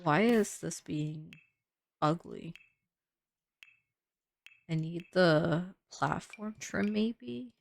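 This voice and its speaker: Low gravelly young woman chatting. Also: extremely slow, pauses often. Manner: chatty, thinks aloud with many "like"s. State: sleepy, yawning. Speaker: gaming creator building in a life sim. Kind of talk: casual build commentary.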